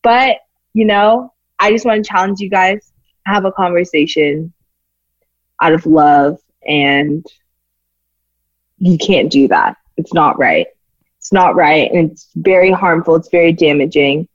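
A young woman guest talks emphatically and plainly in a fairly low voice. Her sound is dry and dull, like lo-fi audio. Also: steady tone, unhurried, pauses often, no room sound. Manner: emphatic, firm, plain-spoken. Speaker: podcast guest. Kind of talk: casual chat.

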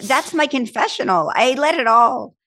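A woman, chatting as an interview guest and telling animated, laughing stories. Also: a little high, moderate pace. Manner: animated storyteller, acts out voices, laughs often. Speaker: talk show host and author, guest. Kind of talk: casual interview chat.

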